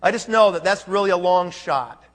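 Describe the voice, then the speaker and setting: This man's voice is high-pitched and fairly bright, moving at a moderate pace. Speaking at a conference, he gives an emphatic motivational talk full of rhetorical questions for the crowd, recorded with long hall reverb.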